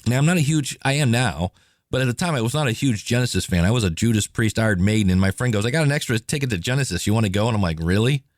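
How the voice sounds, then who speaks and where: Man, podcast host, casual storytelling, medium pitch, dry close-miked sound. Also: fast, no room sound. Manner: animated, chatty, acts out quotes.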